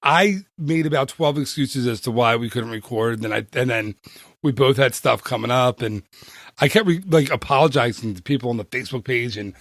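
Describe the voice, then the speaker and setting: A man co-hosting a podcast in casual chat, excitable, laughing often and reeling off numbers. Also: mid-range voice, a little fast, no echo, clean studio sound. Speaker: podcast co-host.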